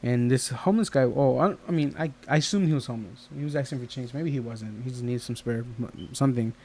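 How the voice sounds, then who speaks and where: There's a little hiss or hum under this man's mellow, medium-pitched voice, and he speaks at a quick pace. As a podcast co-host in casual talk, he tells long rambling stories, doing the voices of everyone he quotes.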